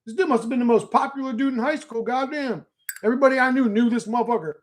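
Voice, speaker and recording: A man's voice: very high-pitched, animated, brisk, gravelly, fairly bright tone. A young man ranting crudely on a casual livestream, rambling and slangy, slipping into mocking impressions. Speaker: streamer answering chat. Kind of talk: profane casual livestream rant.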